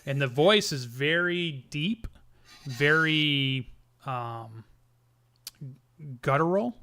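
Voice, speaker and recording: A man narrating a tabletop game as game master, halting often with ums and restarts. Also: fairly high pitch, expressive, bright, forceful tone, clean tone.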